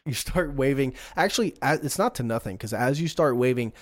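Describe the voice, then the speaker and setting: A man narrating a tabletop superhero game as game master, lively with playful put-on voices. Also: medium pitch, a little fast, no echo.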